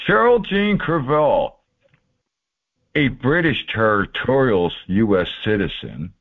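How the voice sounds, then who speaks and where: A man walking through court documents in a folksy, informal way, marking items off one by one with sarcastic asides. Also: fairly low pitch. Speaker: presenter explaining court papers. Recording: tinny phone-like audio.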